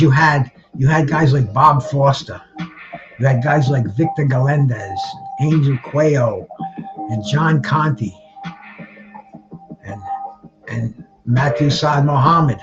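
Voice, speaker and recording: A man hosts a live boxing chat stream, rambling along, restarting his sentences and greeting viewers by name. His voice sits a little high for a man. The sound is dull and lo-fi, with faint music playing underneath. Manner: restarts and repeats words often.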